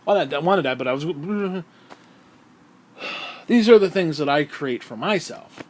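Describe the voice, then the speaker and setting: Man, casual vlog rant, swearing, sighing, short of breath, slightly high voice. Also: animated, unhurried, a little mellow. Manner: profane, rambling, sighing often. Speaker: vlogger. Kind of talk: casual rambling monologue.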